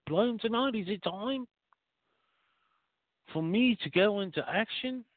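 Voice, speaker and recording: A man's voice: sits high, expressive, slow, dry recording, pitched above the performer's own voice, exaggerated voice. A man voicing his talking penis as an eager little male figure who keeps asking his boss for orders. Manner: pleading, eager questions. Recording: tinny phone-line sound, dry.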